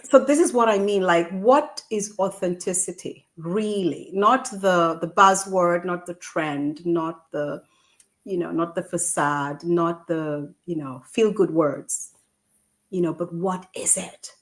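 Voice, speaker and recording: A woman's voice: fairly low pitch, slow pace. A woman hosting an interview, thinking aloud as she asks questions, with many "you know" fillers. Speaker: podcast host. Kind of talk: conversational interview.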